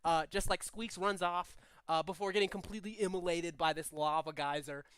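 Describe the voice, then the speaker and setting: Loose, chatty game master narrating. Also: male voice, a little high, steady tone, fairly quick, a bit bright, clear, resonant tone, no room sound, clean studio sound. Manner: loose, filler-heavy narration.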